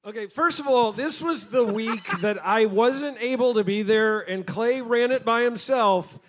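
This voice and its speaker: A man's voice: very high-pitched, measured pace, background noise. A man co-hosting a business workshop, answering hiring questions with dry, laid-back jokes. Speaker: co-host, business owner. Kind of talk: casual workshop talk.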